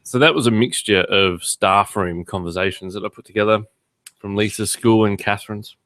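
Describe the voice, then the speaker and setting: A man's voice: lowish voice, moderate pace, a bit bright, no echo. A man hosting a podcast in casual, joking chat with many fillers. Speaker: podcast host.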